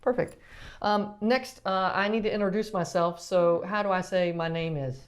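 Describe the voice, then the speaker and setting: A woman who is a pediatric therapist, leading a casual lesson and asking hesitant questions with many pauses and restarts. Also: medium pitch, fairly even intonation. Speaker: pediatric physical therapist teaching.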